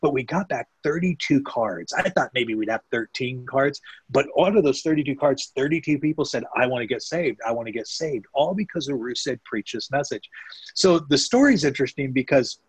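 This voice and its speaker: Husky guy, missionary on a podcast, rambles earnestly, dry sound. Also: mid-range voice, animated, normal speed, no echo, poor audio. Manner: earnest, meandering, with frequent restarts. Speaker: missionary guest. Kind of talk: storytelling in a podcast interview.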